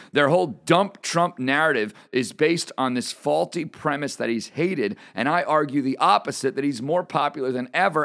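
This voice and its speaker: A man's voice: medium pitch, a bit bright. A middle-aged man giving an opinionated political monologue as a commentator, emphatic and repeating his points with rhetorical questions.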